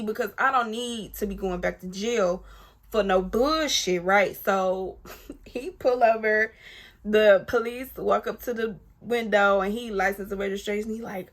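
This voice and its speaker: A woman's voice: mid-range voice, moderate pace. A woman telling a personal story to her viewers, blunt and profane, acting out what others said. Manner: animated, blunt and profane, addressing viewers directly; acts out other people's lines mid-story. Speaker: storytime vlogger. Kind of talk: casual storytelling to camera.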